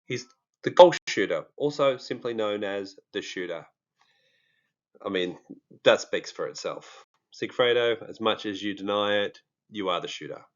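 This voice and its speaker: A man's voice: lowish voice, lively intonation, unhurried, highs cut off. A man with an Australian accent, talking casually and jokingly to his viewers, with many fillers. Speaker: true crime vlogger. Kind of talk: casual monologue to camera.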